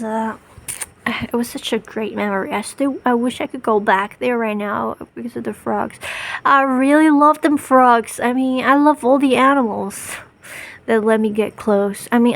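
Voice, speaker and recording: Woman vlogger in her thirties, enthusiastic, rambling, mid-pitched. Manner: gushing, enthusiastic, rambling with restarts. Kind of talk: casual monologue to camera.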